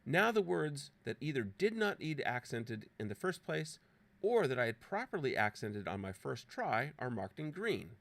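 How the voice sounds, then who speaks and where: A man's voice: mid-range voice, sing-song, normal speed, creaky, fairly bright tone. A man presenting an app walkthrough as a scripted, playfully dramatic voice-over narration with theatrical exclamations. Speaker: presenter demonstrating a teaching app.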